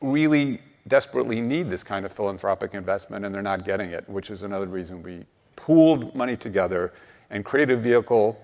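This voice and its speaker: Low-voiced man speaking on a panel. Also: expressive, brisk, darkish tone. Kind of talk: panel discussion. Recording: reverberant hall.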